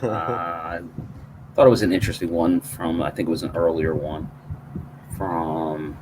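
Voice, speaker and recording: A man on a chat panel, thinking aloud in a measured way. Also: deep voice. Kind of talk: casual chat. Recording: clear background noise.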